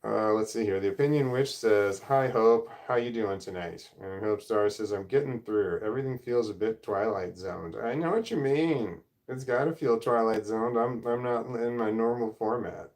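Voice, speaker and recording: A man's voice: lowish voice, normal speed, hardly any pauses, a little mellow. A middle-aged man, hosting a casual livestream at home, reading chat and rambling off on tangents. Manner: rambling, easily sidetracked, self-deprecating. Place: home room, indoors. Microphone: camera or phone mic at desk.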